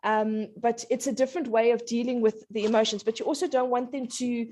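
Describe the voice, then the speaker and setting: A woman's voice: a little high, steady tone, brisk. A woman in her thirties, a parenting coach chatting on a talk show, telling family stories with frequent laughter. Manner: warm anecdotal, laughs often, acts out child voices. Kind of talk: casual talk show chat.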